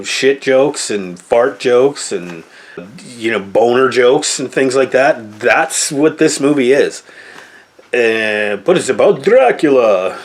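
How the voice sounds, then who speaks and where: A man talking through a casual movie review in a middle-pitched voice. He sounds blunt and exasperated and swears freely. He speaks like a host on his own channel.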